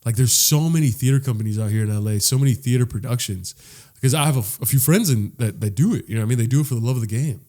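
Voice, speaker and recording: Talking very fast in a mellow, mid-range voice, a podcast co-host rambles through a long story. He swears freely, leans on "like" constantly, and restarts often.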